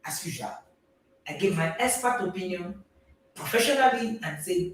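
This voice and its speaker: A woman with a Nigerian accent, a parenting coach speaking to a live audience in an animated way, often laughing and checking in with listeners. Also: medium pitch, a little slow. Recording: very echoey, distant mic.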